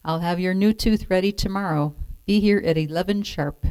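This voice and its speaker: A woman's voice: on the low side, normal speed, warm tone, natural voice. Woman voicing a firm little mouse dentist. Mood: reassuring. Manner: firm and businesslike. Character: small, firm, careful male mouse dentist.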